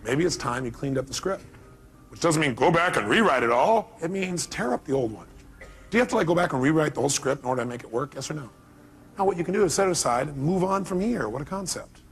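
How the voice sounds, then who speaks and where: A high-voiced man delivering a motivational seminar speech. He speaks emphatically and keeps tossing rhetorical questions to his listeners. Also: lively intonation, quick pace, faint music behind.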